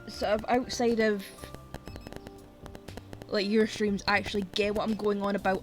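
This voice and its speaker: A woman's voice: medium pitch, rough recording. A Scottish woman streaming, chatting casually and bluntly while she plays, swearing freely. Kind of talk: casual chat while gaming.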